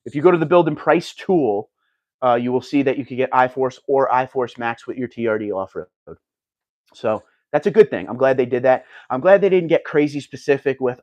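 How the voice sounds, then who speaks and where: A man's voice: medium pitch, a little fast, a little mellow, no room sound. A man hosting a casual livestream, chatting and reading viewer comments aloud. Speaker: livestream host reading chat.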